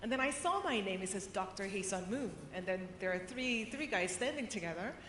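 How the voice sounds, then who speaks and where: A woman giving a conference keynote, chatty and animated, acting out the people in her stories. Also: medium pitch, brisk, slight background noise. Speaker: keynote speaker. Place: large conference hall. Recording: roomy hall reverb.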